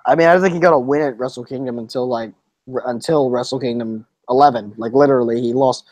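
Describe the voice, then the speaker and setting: A man's voice: medium pitch, fast talker, darkish tone, dry recording, dull audio. A young man co-hosting a casual podcast, laughing often and swearing freely as he reviews wrestling matches. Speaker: podcast co-host. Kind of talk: casual chat.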